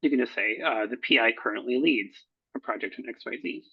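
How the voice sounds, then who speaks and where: A man with a gravelly, husky voice teaches a writing workshop over his slides, often pausing on fillers and restarting words. The sound is dull and lo-fi, like a computer mic. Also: medium pitch. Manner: halting, frequent fillers and self-corrections. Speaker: proposal editor. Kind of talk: recorded workshop lecture. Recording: dull lo-fi recording.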